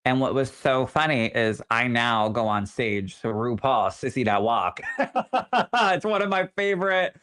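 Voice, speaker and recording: A young adult man, a psychic medium co-hosting a podcast, telling stories in an animated, campy way. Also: mid-range voice, unhurried, clean tone. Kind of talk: casual podcast chat.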